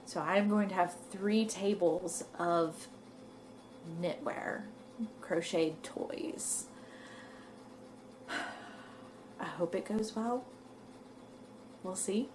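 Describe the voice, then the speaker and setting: A woman's voice: lowish voice, drawn-out words, long pauses, background noise. A young woman, chatting casually to her viewers in a knitting vlog. She rambles and is a little out of breath. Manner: rambling, chatty, says "y'all". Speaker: knitting vlogger. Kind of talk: casual chat to camera.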